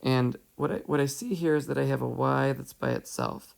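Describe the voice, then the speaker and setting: A man's voice: medium pitch, fairly even intonation, moderate pace, gravelly. A man teaching a whiteboard math lesson, patiently talking through each step and checking in with "right?". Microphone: headset or tablet mic, voice-over screencast.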